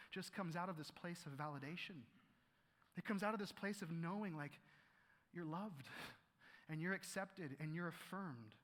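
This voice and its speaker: Animated high-voiced male pastor in a hall. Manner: animated, repeats words, acts out quotes. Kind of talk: sermon. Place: church hall. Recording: live hall reverb.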